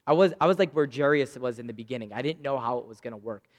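A man in his thirties preaching a sermon, telling a personal story with loud bursts and quiet asides. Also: mid-range voice, quick pace, big-room sound. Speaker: pastor.

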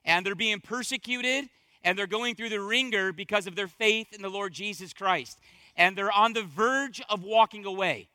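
Male preacher, very high voice, sharp tone, emphatic, repeats phrases. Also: normal speed, no room sound. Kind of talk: sermon.

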